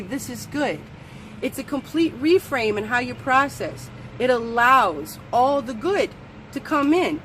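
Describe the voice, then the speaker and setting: A woman well-being coach telling a parable in a casual, animated way, acting out the people she quotes. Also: high-pitched, slight background noise, rough recording. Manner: animated, acts out quoted voices. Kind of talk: casual storytelling monologue.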